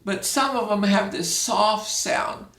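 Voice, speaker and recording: A woman teaching a beginners' language lesson in a patient, deliberate way, drawing out sounds to demonstrate them. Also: medium pitch, fairly bright tone. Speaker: Spanish teacher. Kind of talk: slow, patient classroom instruction. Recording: echoey room.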